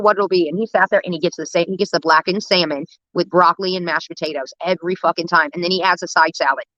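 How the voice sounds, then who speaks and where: A young woman rattles through profane family anecdotes at a brisk clip, her voice bright and a bit tense. The sound is dry and slightly muffled, like a basic home mic with no room around it. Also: lowish voice, dry recording. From United States. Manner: rambling, profane, animated anecdotes about her dad. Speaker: livestream host. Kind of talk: casual storytelling.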